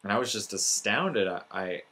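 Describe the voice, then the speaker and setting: Male storyteller from Texas, deeper voice, sincere and reflective first-person delivery. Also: expressive, normal speed, pushed and bright, poor audio. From Texas, USA.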